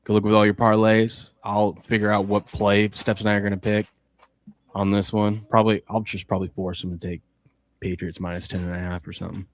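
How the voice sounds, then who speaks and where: A man's voice: lowish voice, little pitch movement, brisk. A man co-hosting a casual sports betting chat, joking and easygoing.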